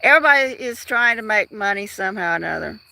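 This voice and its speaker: A woman's voice: mid-range voice, lively intonation, fast talker, gravelly, sharp tone. A woman hosting a casual outdoor livestream at dusk, rambling chattily and talking straight to her viewers. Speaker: livestream host.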